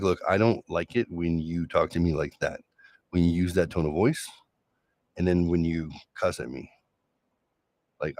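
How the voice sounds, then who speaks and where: A deep-voiced man talks straight into the mic in a dry, dead room, spinning a loose personal story. His delivery is sarcastic and conversational, full of restarts and asides. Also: vocal fry, darkish tone, no echo. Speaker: solo show host. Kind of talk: casual monologue.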